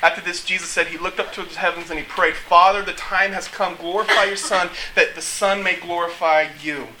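High-voiced, bright, animated male preacher. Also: brisk, slight background noise, low-quality recording. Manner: animated, joking, acts out quotes. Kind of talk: casual sermon.

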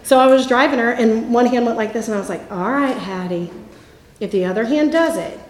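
A woman in her forties giving a Bible teaching talk in a lively storytelling manner. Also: on the high side, fast, slight background noise. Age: 40s. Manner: lively storytelling, acts out quotes with laughs. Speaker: campus ministry speaker. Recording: echoey room.

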